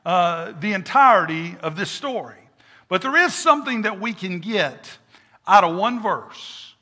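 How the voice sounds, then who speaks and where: Male pastor, preaching style, bright edge, echoing sanctuary. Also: high voice. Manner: preaching cadence, repeats words for emphasis, call and response. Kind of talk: sermon. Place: church sanctuary with congregation. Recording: echoey church hall.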